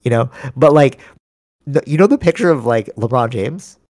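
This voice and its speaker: Speaking into a studio microphone, a tired young co-host chats loosely on a podcast, dropping slang and addressing his buddy as "bro." His mid-range voice is expressive and slightly mellow at a moderate pace, recorded dry and at studio quality.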